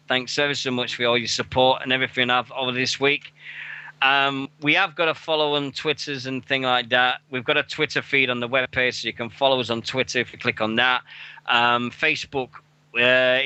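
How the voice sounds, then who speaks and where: A British man on a headset mic, hosting a casual wrestling radio show, rambling, swearing and laughing between shout-outs. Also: mid-range voice, clean tone, no room sound.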